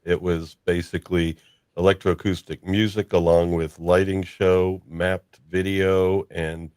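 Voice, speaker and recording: A man in a casual podcast chat, making dry, quick quips. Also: low voice, level tone, darkish tone, dry recording.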